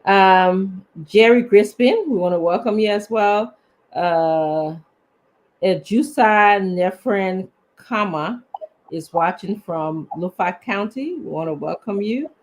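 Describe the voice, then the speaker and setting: A man's voice: high-pitched, slow pace. A man, co-hosting a live show and reading out viewers' names, sometimes stumbling over them. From Liberia. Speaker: co-host.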